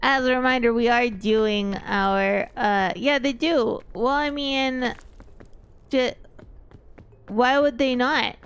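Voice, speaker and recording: A woman's voice: a little high, steady tone, slow, clean tone, lo-fi sound. A woman from East Texas, chatting casually as a streamer and thinking aloud in a rambling way.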